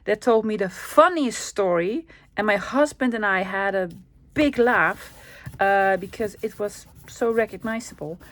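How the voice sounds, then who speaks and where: A woman's voice: medium pitch, measured pace, fairly bright tone, dry recording. A woman from the Netherlands with a Dutch accent, hosting a casual craft-along chat and talking to herself as she works. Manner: chatty, talks to herself while working. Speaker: crafting channel host.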